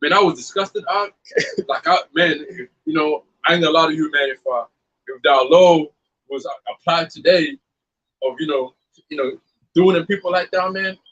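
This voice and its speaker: A man's voice: on the high side, a bit bright, slightly rough, dull audio. A man preaching in a casual, profane, fired-up way, mixing scripture with blunt storytelling. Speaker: street preacher.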